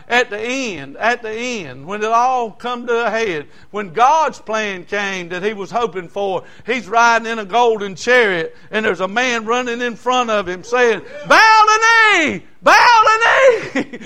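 A man, preaching a sermon in a folksy, animated way with homespun asides. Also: high-pitched. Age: 60s.

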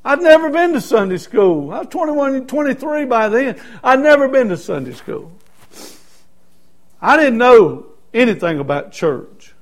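A middle-aged man preaches his own testimony as a folksy story, his voice high for a man. He's very animated and keeps a measured pace, swinging from hushed, quiet passages to loud, shouted bursts.

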